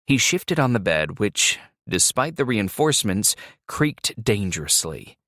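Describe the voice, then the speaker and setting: A man narrates a thriller audiobook, unhurried and deliberate. His voice sits low but moves a lot in pitch. The recording is dry and close. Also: big pitch swings, a bit bright, dry recording. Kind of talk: scripted narration.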